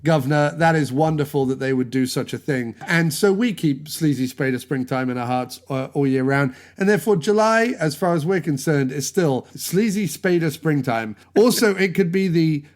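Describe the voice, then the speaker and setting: High-voiced playful male podcast host. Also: lively intonation, normal speed, few pauses, darkish tone. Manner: playful, jokey, rambling. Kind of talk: casual chat.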